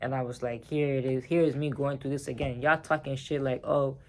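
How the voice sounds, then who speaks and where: A man's voice: medium pitch, fairly even intonation, fairly quick, slight background noise. A man telling a personal story in a casual vlog, heated and profane, talking straight to the viewers.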